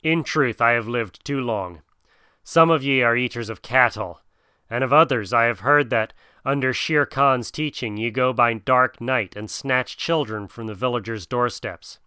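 A man's voice: mid-range voice, a little slow, pushed and bright, clear, resonant tone, no room sound, studio quality. A man voicing a weary old male wolf who leads the pack, speaking with dignity. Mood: solemn. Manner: dignified, pleading.

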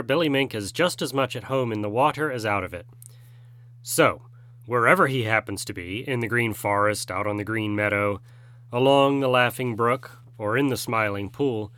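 A man narrating a classic animal storybook in a measured, gentle way. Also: medium pitch, no echo.

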